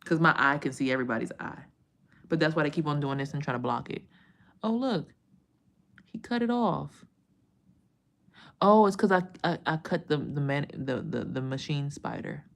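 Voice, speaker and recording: Brief: woman livestream host, deep-pitched, rambling and profane, casual chat with viewers from home. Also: expressive, moderate pace, creaky, long pauses. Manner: loose, rambling and profane, with frequent slang and side remarks. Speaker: livestream host and tarot reader.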